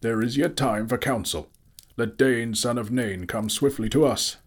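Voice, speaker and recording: A man voicing a stern, commanding old male wizard with booming, urgent warnings in an audiobook. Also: moderate pace, close to an everyday voice. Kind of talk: audiobook character voice.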